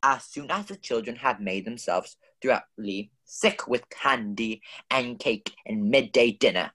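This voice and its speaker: A man's voice: mid-range voice, expressive, measured pace, sharp tone. A man voicing a stuffy, lecturing husband who declaims in a pompous way, as in a radio play.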